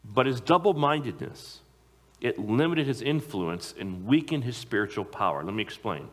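A man preaching a sermon to a congregation, emphatic, slowing down to stress key phrases. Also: medium pitch, animated. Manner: emphatic, slows down on key phrases, occasional repeated words.

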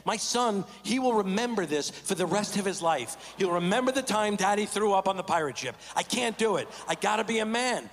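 A man tells a self-mocking stand-up story in an animated way. His voice sits a little high. It carries a long theater reverb with clear background noise. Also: brisk, hardly any pauses. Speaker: stand-up comedian. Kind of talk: stand-up comedy.

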